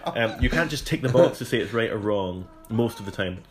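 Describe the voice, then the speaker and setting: A man's voice: lowish voice, animated, brisk. A Scottish man co-hosting a podcast, telling stories in a chatty, rambling way and laughing often. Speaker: podcast co-host. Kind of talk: casual chat, storytelling.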